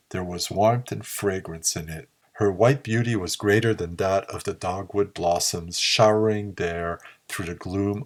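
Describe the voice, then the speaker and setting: A man narrating a pulp story in a slow, measured reading. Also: low-pitched. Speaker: audiobook narrator.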